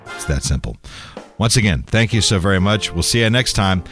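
A man's voice: low voice, expressive, a little fast, over music. A man hosting his own podcast in easygoing, rambling talk that often repeats words. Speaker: podcast host. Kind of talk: casual solo podcast talk.

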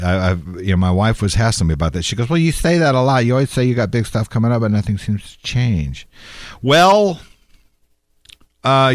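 Man, very low voice, dry close mic; loose, rambling solo podcast host. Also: no room sound. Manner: easygoing, rambling, repeats words as he goes. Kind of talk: casual solo podcast talk.

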